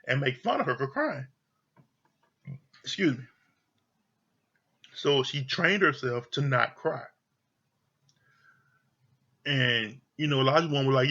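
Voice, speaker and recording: A man's voice: medium pitch, takes it slowly, long pauses, bright, forceful tone, dull audio. A man giving a heated, profane rant reviewing a reality TV show, exasperated and repeating his points for emphasis.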